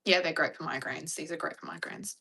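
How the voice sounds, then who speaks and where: A woman's voice: deep voice, steady tone, brisk, pushed and bright, slightly rough. A young Australian woman chatting casually on a livestream with a wry, chatty manner. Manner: chatty, wry, mock-dramatic impressions.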